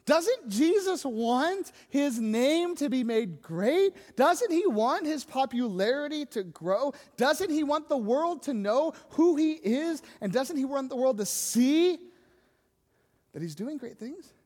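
High-voiced preacher in a reverberant hall. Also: sing-song, slow pace, darkish tone. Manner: conversational, asks the congregation rhetorical questions. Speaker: pastor. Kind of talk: sermon.

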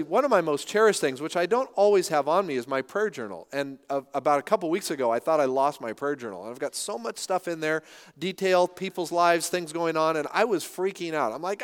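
A middle-aged man delivers a sermon with an animated, conversational manner, often poking fun at himself. His voice sits fairly high and sounds smooth and clear. The recording carries a long reverberant tail from a large church hall. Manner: animated, conversational, self-deprecating humor. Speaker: pastor.

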